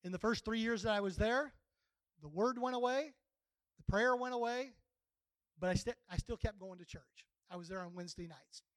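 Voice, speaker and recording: A man's voice: high-pitched, moderate pace, fairly bright tone, no echo, rough recording. A man in his sixties preaching a sermon in a folksy, plainspoken, conversational way.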